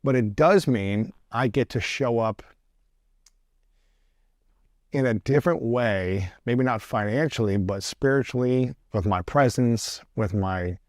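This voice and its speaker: A man's voice: medium pitch, unhurried, few pauses, a little mellow, dry recording, studio quality. A man hosting an interview show, curious and affirming, asking probing follow-up questions. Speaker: podcast host. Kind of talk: interview conversation.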